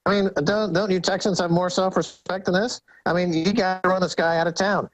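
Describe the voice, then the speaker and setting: Male guest commentator, mocking and sarcastic, animated ranting delivery. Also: high-pitched, brisk, low-quality recording. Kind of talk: ranting phone-in talk show interview.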